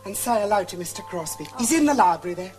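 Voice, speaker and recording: An actress playing a fussy, snooty housemaid in a scripted comedy sketch. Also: female voice, mid-range voice, animated, fast talker, darkish tone, soft background music, close to an everyday voice. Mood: prim. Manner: prim, bossy and chatty.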